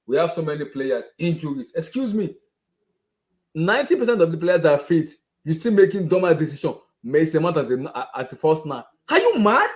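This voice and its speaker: A man delivers an exasperated fan rant straight to camera. His voice sits fairly high and swings widely in pitch. He hammers the same phrases again and again. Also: expressive, fairly quick, a little mellow. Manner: exasperated and ranting, repeats phrases over and over. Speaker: football fan channel host.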